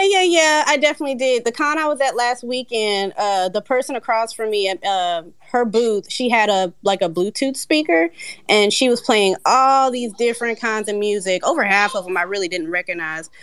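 A woman talking as a guest comic artist in casual chat, animated and laughing often. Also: medium pitch, moderate pace, smooth, no room sound.

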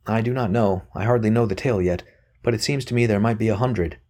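A man reading aloud, voicing a quiet, earnest young male priest who pleads softly. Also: fairly low pitch, quick pace, pitched above the performer's own voice, lightly acted. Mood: uneasy.

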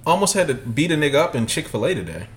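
A man in his thirties co-hosting a sneaker podcast, telling stories in casual, profane chat and acting out loud quotes. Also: a little high, quick pace. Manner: animated, profane storytelling with loud acted-out quotes. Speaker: podcast co-host.

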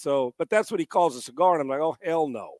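A middle-aged man hosting a sports talk show, loud and joking, telling stories with put-on voices. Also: on the high side, lively intonation, fast talker, dry recording, studio quality. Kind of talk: casual podcast banter.

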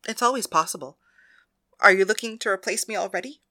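A woman's voice: medium pitch, quick pace, sharp tone, close to an everyday voice. A woman voicing a young priestess who is loving and anxious in an audiobook reading. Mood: tender.

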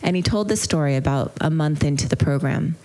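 A mindfulness teacher with a low voice speaks fairly quickly as she gives a retreat lecture. She tells a story earnestly and reflectively, with gentle hesitations.

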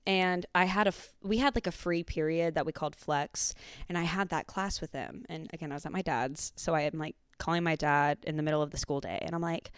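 Young woman, lowish smooth voice, animated casual storytelling, dry close sound. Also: fairly quick, dry recording. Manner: animated, swearing, fillers like "like". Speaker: podcast host.

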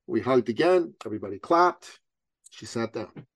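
A middle-aged man from Iran, a business coach, telling a story in an interview and acting out the people in it with big jumps in pitch. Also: lively intonation, moderate pace, husky, dry recording.

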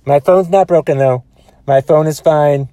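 A man's voice: fairly high pitch, measured pace, dark tone, no room sound. A man ranting alone into his phone, exasperated and profane, rambling with frequent restarts. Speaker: solo podcaster. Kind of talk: casual rant.

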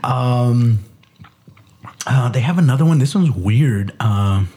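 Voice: medium pitch, animated, takes it slowly, dark tone, breathy edge. A podcast co-host in casual chat, hesitant and full of restarts, laughing often.

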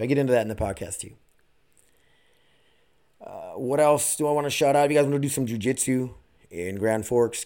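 A man hosting a casual solo podcast, talking bluntly and rambling from one thought to the next. He swears freely, and his voice sits at an ordinary middle pitch for a man. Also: darkish tone. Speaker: podcast host.

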